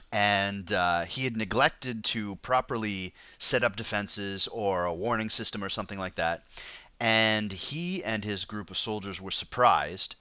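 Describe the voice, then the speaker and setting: A man's voice: lowish voice, pushed and bright, clean tone, dry recording. A man hosting a casual podcast, telling a history story in a rambling way, with lots of fillers and laughter. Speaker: podcast host.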